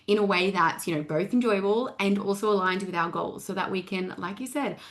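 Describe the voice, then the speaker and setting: A woman's voice: mid-range voice, brisk. A young woman hosting a podcast interview, chatty and full of fillers, laughing easily and swearing casually. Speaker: podcast host and weight loss coach.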